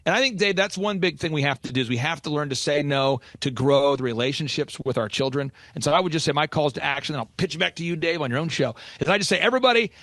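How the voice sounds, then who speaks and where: Guy coaching on a podcast, talks super fast, kinda high voice, dry studio sound. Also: no room sound. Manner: animated storytelling, quick and emphatic. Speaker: business coach and podcast host. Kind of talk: energetic casual podcast talk.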